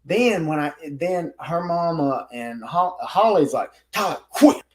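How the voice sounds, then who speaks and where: A man's voice: on the high side, expressive, slow, rough recording. A man telling a story in a casual podcast chat, talking bluntly with a lot of swearing. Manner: rough, informal speech. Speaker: guest telling stories from law enforcement work.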